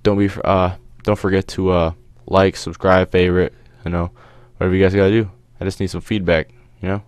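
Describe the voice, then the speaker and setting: Teen guy vlogger, deep voice, dry close mic, rambling storytime with lots of uhs. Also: level tone, a little fast, darkish tone, clear, resonant tone, dry recording. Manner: rambling, many fillers and restarts, slangy. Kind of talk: casual storytelling over gameplay.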